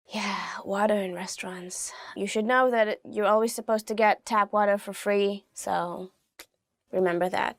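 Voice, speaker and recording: A woman's voice: medium pitch, steady tone, normal speed, dry recording. Chatty woman teaching phrases, dry sound. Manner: chatty, explains each phrase with personal asides. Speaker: language teacher. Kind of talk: casual phrase lesson.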